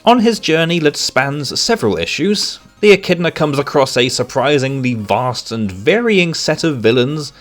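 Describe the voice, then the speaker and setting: A man reading out a scripted comic review with sarcastic, exasperated commentary. His pitch sits in a middle range but swings widely as he talks. Soft music plays faintly underneath.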